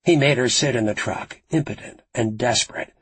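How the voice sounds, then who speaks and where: A man reading a suspense novel aloud as narrator, dramatic and suspenseful in a gravelly voice. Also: medium pitch, normal speed, low-quality recording. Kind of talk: scripted audiobook narration.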